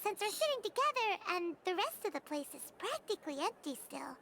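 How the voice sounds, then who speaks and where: A woman voicing a small, chirpy female fairy companion who talks in a bubbly, excitable way. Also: extremely high pitch, brisk, gravelly, full character voice. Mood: chatty.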